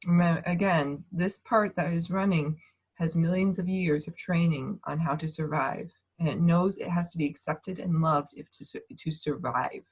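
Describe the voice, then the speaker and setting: Soft-spoken woman teaching over a video call. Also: fairly low pitch, steady tone, moderate pace, breathy edge. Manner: gentle, reassuring, thinks aloud with restarts. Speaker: speaker on emotions and manifestation.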